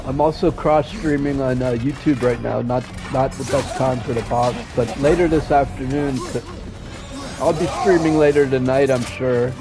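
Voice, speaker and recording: A man's voice: mid-range voice, fairly even intonation, normal speed, over music. A man streaming a video game, rambling and aggrieved in casual chat, swearing constantly and trailing off mid-sentence. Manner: restless and aggrieved, trails off and restarts.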